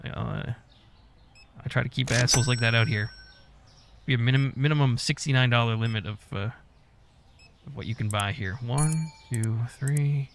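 A man's voice: medium pitch, moderate pace, long pauses, slight background noise. A man giving casual, profane gameplay commentary, mock-scolding customers and staff as he plays. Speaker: gaming YouTuber.

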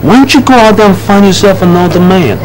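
A man's voice: sits high, lively intonation, fast, a crowd in the background. An arrogant young man brushing off his fiancée. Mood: condescending. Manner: lecturing, condescending. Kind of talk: film drama acting. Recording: noisy film soundtrack.

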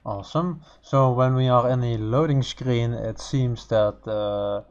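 A man's voice: mid-range voice, a little slow, dull audio. A man co-hosting a casual game playthrough, joking and laughing, with stammered restarts. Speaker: gaming co-host. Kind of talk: casual let's-play chat.

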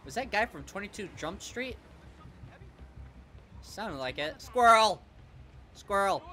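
A man's voice: sits high, sing-song, unhurried, bright, forceful tone, slight background noise. Goofy young man doing game commentary. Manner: goofy, crude jokes. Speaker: gaming YouTuber. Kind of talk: let's play commentary. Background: game music.

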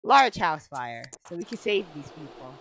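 A woman's voice: sits low, big pitch swings, moderate pace, creaky, a bit bright, slight background noise. A young woman giving casual commentary as she plays a life-simulation game, often exasperated and talking back to it. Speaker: gaming video creator.

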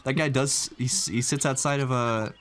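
A man co-hosting a casual gaming chat, laughing often with a high childlike giggle. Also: steady tone, normal speed, fairly bright tone, soft background music. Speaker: co-host.

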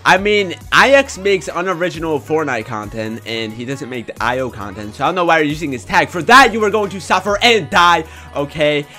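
A young man commentating his own gameplay in a casual, excitable way, often breaking into shouts. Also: a little high, fairly quick, hardly any pauses, faint music behind. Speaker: gaming YouTuber.

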